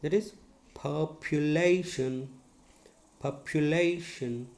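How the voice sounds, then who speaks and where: A male English teacher giving a lesson, spelling words letter by letter and repeating each one slowly. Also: on the high side, vocal fry, a little mellow. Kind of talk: classroom lesson on syllables. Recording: echoey room.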